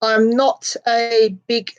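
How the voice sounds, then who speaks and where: A woman's voice: on the high side, little pitch movement, very slow, clear, resonant tone, muffled recording. A woman hosting a casual chat with viewers, talking in crude, sweary, giggly banter. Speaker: host chatting with viewers.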